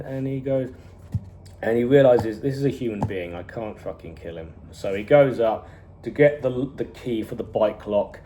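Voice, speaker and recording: A man casually reviewing a TV series, retelling scenes with animated energy, frequent chuckles and swearing. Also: medium pitch, a little hiss or hum. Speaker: TV show reviewer.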